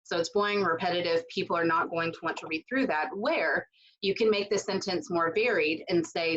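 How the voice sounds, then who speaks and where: Woman writing instructor, loose chatty delivery full of fillers, somewhat low voice, muffled home recording. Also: brisk, a bit bright. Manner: loose and conversational, with many fillers and asides. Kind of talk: casual recorded lecture.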